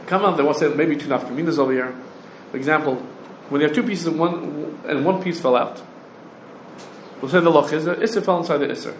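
A man teaching a Talmudic law lecture, firing off rapid questions and rising challenges. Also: fairly high pitch, a little hiss or hum. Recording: roomy echo with faint ambience.

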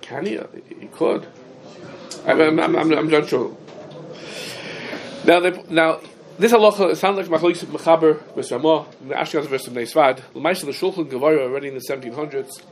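Rebbe, slightly high voice, sing-song lecture cadence, faint room noise, fields student questions. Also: male voice, brisk. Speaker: Talmud teacher giving a class. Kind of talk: yeshiva-style halacha lecture.

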